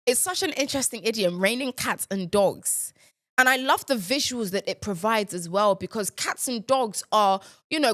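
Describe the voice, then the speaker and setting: A woman's voice: mid-range voice, fairly bright tone, no echo, studio quality. A young woman hosting a casual solo podcast, chatty and playful, rambling into self-mocking asides. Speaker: podcast host.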